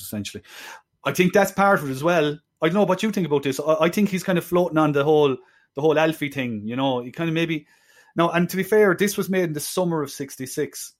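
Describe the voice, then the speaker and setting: Discussing films casually as a podcast co-host, a man speaks fast and animatedly in a fairly high voice. He restarts his sentences hesitantly many times, with a tone of exasperated disbelief.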